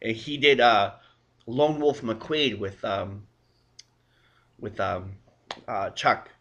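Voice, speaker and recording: A man's voice: lowish voice, fairly bright tone, highs cut off. A man interviewing a guest, agreeable and encouraging, with frequent short affirmations. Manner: agreeable, encouraging, quick backchannels. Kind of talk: casual interview.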